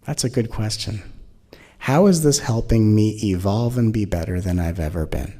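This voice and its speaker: A man giving an animated, playful spiritual talk as a teacher, often slipping into mocking voices. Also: on the low side, moderate pace.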